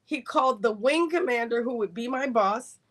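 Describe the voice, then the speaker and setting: In a podcast interview, a woman with a slightly high voice and a moderate pace recounts a lengthy career story from her time as an Air Force colonel, now retired. She brings it to life by performing the quoted lines of the people in it.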